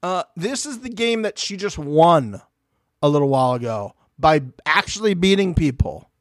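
Animated high-voiced man ranting. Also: normal speed, no echo, clean studio sound. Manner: animated, profane, acts out cast members in quoted voices. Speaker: podcast co-host. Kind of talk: casual reality TV recap chat.

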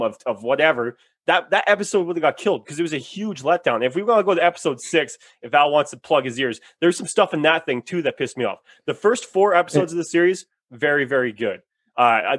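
A man with a fairly high voice rants through a casual podcast review, blunt and profane, and slips into exaggerated mocking voices. The sound is dry and close. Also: fairly bright tone, no echo. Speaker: podcast co-host. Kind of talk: casual chat, ranting review.

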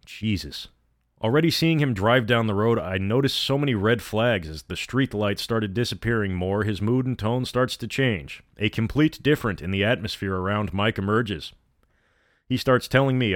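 Male story reader, lowish voice, blunt and sarcastic in his asides, dead-dry sound. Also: moderate pace, no room sound. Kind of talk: reading a story aloud with commentary.

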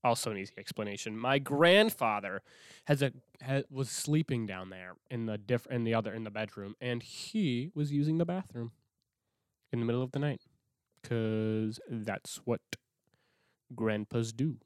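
A young man from Minnesota telling a spooky childhood story in a casual, animated way, swearing often and dropping to a whisper when he quotes himself. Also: medium pitch, moderate pace, smooth, dry recording, clean studio sound. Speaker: host.

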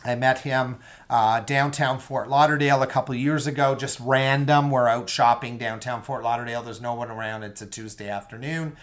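A man's voice: medium pitch, fairly even intonation, normal speed. A young man hosting a solo podcast, chatting casually and enthusiastically with many ums and asides to his listeners. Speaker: podcast host.

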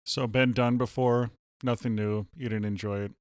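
A man's voice: mid-range voice, fairly even intonation, moderate pace, no echo, clean studio sound. A man co-hosting a casual movie review chat, firing off teasing questions.

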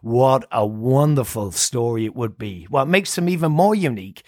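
A man's voice: medium pitch, expressive, normal speed, a little mellow, no room sound, studio quality. A man hosting a podcast in a playful, jokey, upbeat way, with a scripted intro and preview. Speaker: podcast host.

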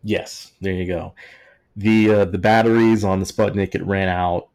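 A man's voice: low voice, fairly even intonation, normal speed, creaky, a little mellow, clear, resonant tone. A man hosting a casual history podcast, telling it in a jokey, sarcastic way. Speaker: podcast host.

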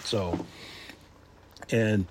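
A man's voice: lowish voice, fairly even intonation, extremely slow, a little mellow, breathy edge, dry recording. Rambling man hosting a podcast. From Michigan. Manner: rambling, with many restarts and filler asides. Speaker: podcast host. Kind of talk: casual solo podcast talk.

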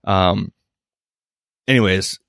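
A man's voice: low voice, takes it slowly, a bit bright, clean tone, dry recording, clean studio sound. A man co-hosting a podcast in casual banter, rambling with restarts and laughing often. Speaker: podcast co-host. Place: home.

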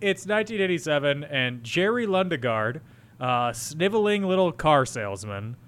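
A man's voice: a little high, very animated, moderate pace, fairly bright tone. A man co-hosting a podcast in casual chat, teasing and playful. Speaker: podcast co-host.

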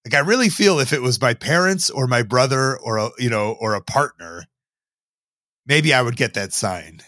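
A man's voice: mid-range voice, animated, normal speed, fairly bright tone, dry recording. A man from Illinois talks as a podcast guest, rambling and reflective with a wry edge. His voice sits in a middle register. It is recorded close and dry, with no room sound. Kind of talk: casual podcast chat.

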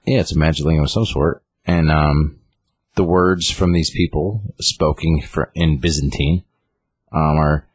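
On a podcast, a man with a very deep, slightly rough voice retells a comic book story in a casual, rambling way, leaning on lots of fillers and reading out the characters' lines. His intonation stays fairly even and his pace is measured, and the recording is dry.

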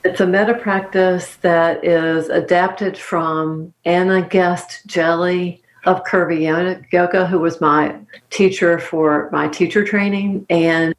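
A woman with a Southern US accent, a podcast guest speaking in a slow, soothing way as she guides a mantra. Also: on the low side, fairly even intonation. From North Carolina. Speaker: guest, dietitian and yoga teacher. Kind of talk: podcast interview.

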